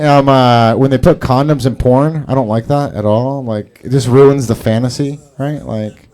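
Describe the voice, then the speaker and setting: A man's voice: mid-range voice, steady tone, normal speed, few pauses, dark tone. A man doing open mic stand-up, rambling and profane, laughing at his own jokes. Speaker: stand-up comedian. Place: comedy club stage.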